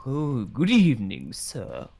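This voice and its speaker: A man's voice: mid-range voice, wildly swooping pitch, creaky, dark tone, breathy edge, heavily acted. Man doing Harold Higginbottom, pompous British toff. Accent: put-on posh British. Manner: pompous, slow and savoring. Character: posh British gentleman, prim and fussy about tea. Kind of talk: improvised comedic role-play on a stream.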